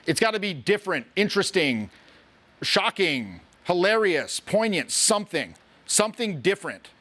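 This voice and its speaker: A man who coaches social skills, explaining casually with animated, profane storytelling. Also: high-pitched, normal speed.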